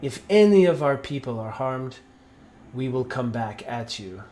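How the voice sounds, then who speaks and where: A man voicing a stern, threatening male tribal chieftain who speaks slow, curt, broken English. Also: mid-range voice, lively intonation, warm tone, slight background noise, close to an everyday voice.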